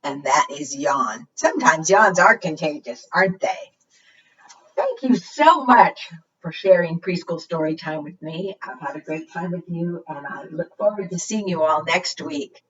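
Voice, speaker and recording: A woman hosting a library storytime, reading picture books aloud to preschoolers in a sing-song, animated way that invites them to join in. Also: low voice, measured pace, a little hiss or hum. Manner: sing-song, animated, coaxing audience participation. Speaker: children's librarian, storytime host. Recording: slightly distant, dull lo-fi sound.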